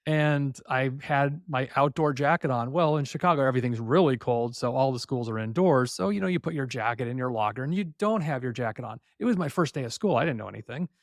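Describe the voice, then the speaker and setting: A man's voice: mid-range voice, animated, fast, hardly any pauses, no echo. Middle-aged guy guest, reflective, lots of uh and you know, dry close mic. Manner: reflective storytelling, hesitant fillers. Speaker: podcast guest. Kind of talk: conversational interview.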